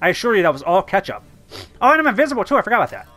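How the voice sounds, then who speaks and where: A gamer giving excitable, sweary commentary over their own gameplay. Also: mid-range voice, racing. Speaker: let's play gamer.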